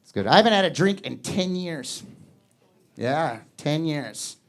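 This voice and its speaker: Stand-up comic, male, high voice, loose and rambling, club set. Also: animated, measured pace. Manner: casual, rambling delivery with acted-out voices. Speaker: stand-up comedian.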